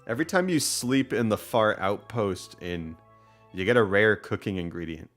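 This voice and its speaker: A curt innkeeper of a little snowbound town, speaking in short, broken phrases, as a man reads him out on a game stream. His voice sits low and soft. Faint music hums behind him. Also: moderate pace, close to an everyday voice. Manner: broken clipped phrases, mock "da". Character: gruff terse male innkeeper in snowy town.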